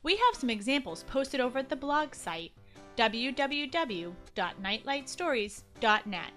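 A woman hosting and narrating a children's story show with an animated, expressive reading. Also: high-pitched, unhurried, faint music behind.

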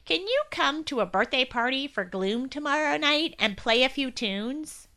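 A woman voicing a gloomy, sad male goblin in a children's storybook, speaking slowly and mournfully. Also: high-pitched, animated, sharp tone, heavily acted. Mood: glum.

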